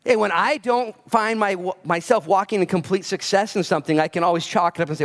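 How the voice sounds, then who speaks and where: A man preaching a casual, conversational sermon, animated and joking as he acts out the voices of people in his stories. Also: high-pitched, fast talker, hardly any pauses. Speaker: pastor.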